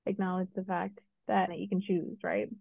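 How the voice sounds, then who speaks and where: A middle-aged woman co-hosting a podcast, telling a personal story in a casual, lively way with many asides. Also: medium pitch, moderate pace, vocal fry, no echo. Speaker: podcast co-host. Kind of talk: casual chat. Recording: dry, phone-like narrow sound.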